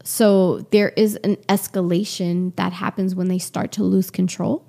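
A woman in her forties, a guest on an interview show, telling a personal story in an animated way and acting out what people said. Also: lowish voice, unhurried, creaky. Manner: animated, acts out quoted dialogue.

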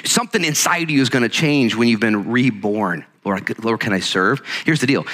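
A man preaching a sermon as pastor to a church congregation, energetic and conversational, acting out quotes as he goes. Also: mid-range voice. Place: church sanctuary. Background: congregation present.

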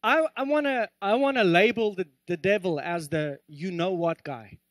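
High-voiced man preaching a sermon. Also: normal speed, no echo. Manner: earnest, animated, joking asides. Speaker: pastor. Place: church.

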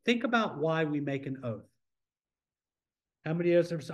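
Higher-voiced man teaching a Bible study. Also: animated, brisk. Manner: informal, asks the class questions. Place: church.

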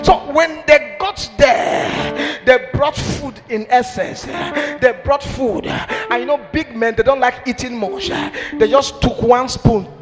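A man preaching a deliverance sermon, animated, slipping into pidgin, shouting and half-singing his lines. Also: very high voice. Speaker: pastor. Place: large church hall. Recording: church hall with reverb, music behind.

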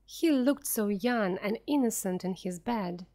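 A woman reading a ghost story aloud for English learners, slowly, clearly and deliberately. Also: medium pitch, lively intonation, mellow. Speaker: audiobook narrator. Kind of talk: scripted narration for English learners.

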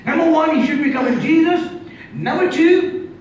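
A man preaching a sermon as pastor, emphatic and shouting at times, then dropping suddenly to quiet. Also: very high-pitched, normal speed, highs cut off. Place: large church hall. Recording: echoey hall from far off, faint noise.

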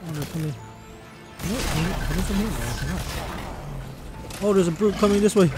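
A man giving excited live commentary while playing a co-op shooter, yelling at enemies and teammates. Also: high-pitched, brisk. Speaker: gamer playing co-op multiplayer. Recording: game music playing behind.

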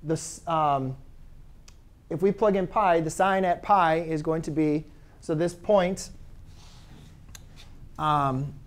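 Man teaching a math class. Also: a little high. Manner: conversational, asks students questions, self-correcting. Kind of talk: classroom lecture.

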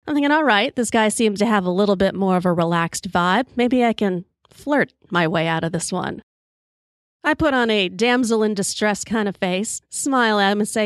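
A woman's voice: medium pitch, moderate pace, dry recording, clean studio sound. A woman hosting a podcast, telling wry, profane stories in a conversational monologue while sipping whiskey. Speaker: podcast host.

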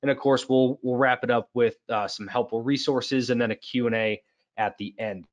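A man's voice: medium pitch, steady tone, normal speed, muffled recording. A man hosting an online product webinar, talking casually with lots of fillers and restarts. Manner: chatty, many fillers and restarts. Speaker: webinar host. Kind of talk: casual presentation.

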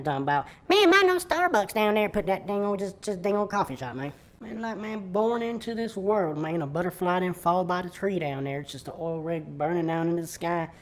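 A man's voice: on the high side, lightly acted. A man voicing an indignant, rambling good-old-boy from Texas, who keeps saying "man" and "down there" in a comedic character sketch.

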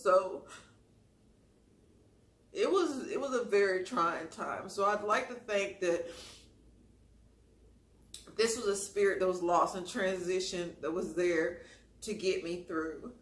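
A man telling an emotional personal story on his channel in an expressive, sassy way, calling listeners honey. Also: sits high, unhurried, long pauses. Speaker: storytime YouTuber. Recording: roomy echo.

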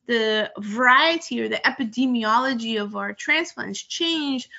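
A woman's voice: fairly high pitch, sharp tone, highs cut off. A woman physician giving a conversational conference lecture on medicine, candid with wry asides. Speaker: infectious disease physician lecturer.

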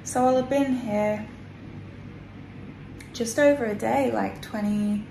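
A woman's voice: a little high, fairly even intonation, slow pace, creaky, dark tone, slight background noise, rough recording. A woman vlogging in casual chat to camera, tired and a little out of breath, rambling with lots of fillers, recorded on a phone in a small room.

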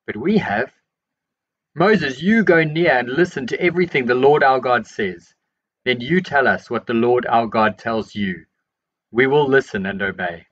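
A man reads scripture aloud at an even, unhurried pace, in a middle-pitched voice. The recording sounds a little dull and muffled. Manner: measured, steady reading voice. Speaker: Bible reader. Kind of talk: scripture reading.

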